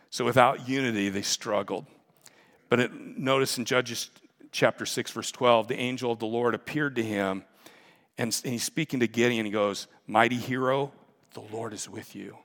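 In a church sanctuary, a pastor with a medium-pitched, fairly bright voice preaches a sermon, earnest and conversational, often restarting his sentences. The long reverb of a large hall fills the recording.

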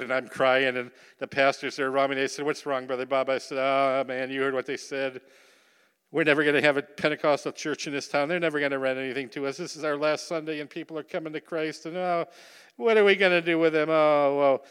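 Bright-voiced male preacher in an echoey hall. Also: medium pitch, little pitch movement, fast talker, smooth. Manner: storytelling with acted-out dialogue and asides to the congregation. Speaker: pastor. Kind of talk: sermon.

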